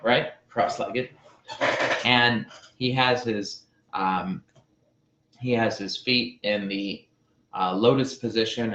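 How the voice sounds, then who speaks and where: A relationship coach, a man with a lowish voice, tells a story slowly and deliberately, pausing often. His voice sounds roomy and slightly muffled. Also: fairly bright tone. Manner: deliberate, with pauses and repeated phrases. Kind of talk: storytelling advice talk.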